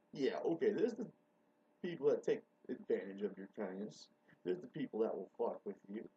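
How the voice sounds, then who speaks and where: A man hosting a rambling solo show, excitable and profane, swinging between low mutters and sudden loud outbursts. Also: breathy edge. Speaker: show host. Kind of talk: rambling monologue. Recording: dull lo-fi recording.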